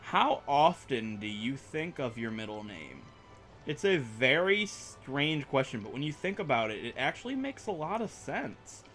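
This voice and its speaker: Young man, gaming commentary, rambling, self-mocking, animated pitch, faint music behind. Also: a little slow. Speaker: gaming YouTuber. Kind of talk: let's play commentary.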